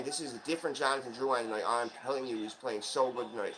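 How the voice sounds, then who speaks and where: A channel host of ordinary pitch gives relaxed live commentary during a hockey game watch-along, sounding like a fan pulling hard for his team. When the action heats up he bursts into quick, excited play-by-play, then drifts back to chatty asides and small self-corrections. The recording is rough.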